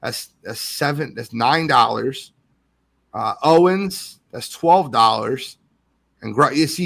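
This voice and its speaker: A man hosting a casual live sports podcast, reading viewer comments aloud in an animated way. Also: medium pitch, slow, gravelly. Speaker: podcast host.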